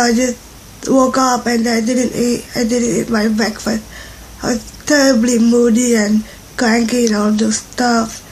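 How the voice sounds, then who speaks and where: A young woman with the flu vlogging from home, rambling and halting, her voice nasal and congested. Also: slight background noise, poor audio. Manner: rambling, halting, low-energy. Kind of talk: casual rambling vlog.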